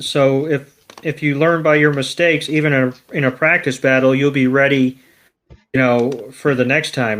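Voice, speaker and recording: Loose, swearing podcast co-host. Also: male voice, medium pitch, steady tone, moderate pace, a bit bright. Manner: loose, profane storytelling. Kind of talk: casual episode recap chat.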